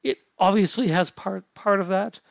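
Halting man in a lo-fi recording. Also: high voice, creaky, dry recording. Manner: halting, many restarts and fillers, swears casually. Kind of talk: casual film discussion. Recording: dull lo-fi sound.

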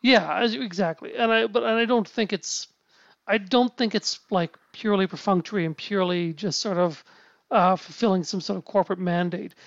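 A man chatting casually about a film, halting often with restarts, fillers and casual swearing. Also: high-pitched, creaky, dry recording. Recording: dull lo-fi sound.

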